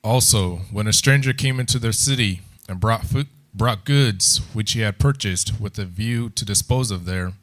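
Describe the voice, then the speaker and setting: A man reading scripture aloud in a steady, measured way during a Bible class. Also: fairly low pitch. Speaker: scripture reader.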